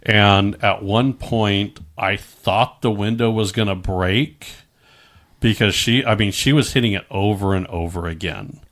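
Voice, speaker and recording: A man's voice: fairly low pitch, a little slow, a bit bright. A man recounting a personal story as a podcast guest in a casual way, often restarting his sentences. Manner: recounts events with frequent restarts and quoted exchanges.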